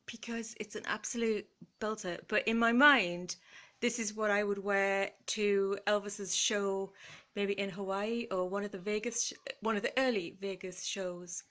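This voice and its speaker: A woman with a playful, theatrical and self-mocking way of talking, showing off vintage clothes in a light-hearted chat. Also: medium pitch. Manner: theatrical and self-mocking, often drops to a hush. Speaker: vlogger.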